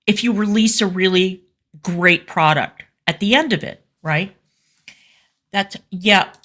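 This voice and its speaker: A woman co-host with a fairly low-pitched voice talks in casual commentary. She is candid and effusive, and her sentences stop and restart around ums and uhs. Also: a bit bright. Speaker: show co-host.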